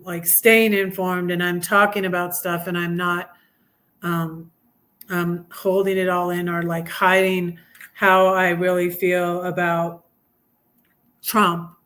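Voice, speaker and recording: A middle-aged woman hosts a casual livestream where she chats and reads poems, rambling with fillers and restarts. Her voice is fairly low-pitched with a fairly bright tone.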